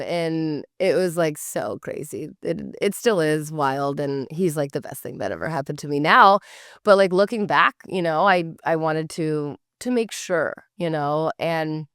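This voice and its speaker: Woman, podcast host, low voice, chatty storytelling, swears freely, lots of "like", dry sound. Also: unhurried, clean tone, no room sound. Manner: animated, acts out quoted dialogue. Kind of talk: casual storytelling.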